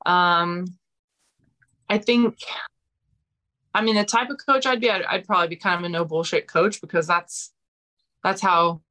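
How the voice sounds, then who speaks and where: A woman's voice: on the low side, pushed and bright. A woman in her forties, a guest fighter talking frankly in a casual interview, with many fillers and restarts. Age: 40s.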